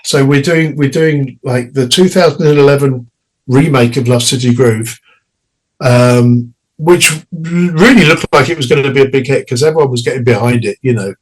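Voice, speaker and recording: A man's voice: medium pitch, rough recording. A middle-aged man, a singer guest in an interview, telling stories in a loose chatty way, laughing and slipping into quoted voices. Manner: chatty, laughing, restarts and quick quoted asides. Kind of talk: casual interview storytelling.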